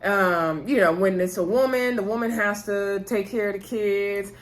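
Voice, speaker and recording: A woman's voice: medium pitch, normal speed. Chatty woman recapping reality TV. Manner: chatty retelling with filler words, acting out quotes. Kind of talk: casual recap chat.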